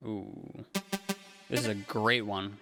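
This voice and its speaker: A young man, a music producer, casually thinking aloud in a relaxed, slangy way as he builds a track in his home studio. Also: lowish voice, slow pace, creaky. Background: faint synth music playing.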